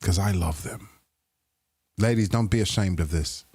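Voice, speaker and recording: A man's voice: sits low, normal speed, dark tone, slightly rough, dry recording, clean studio sound. A man hosting a live stream, reacting to clips with crude, playful jokes and frequent laughter. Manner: playful, keeps breaking into laughter; crude joking banter. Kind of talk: casual reaction commentary.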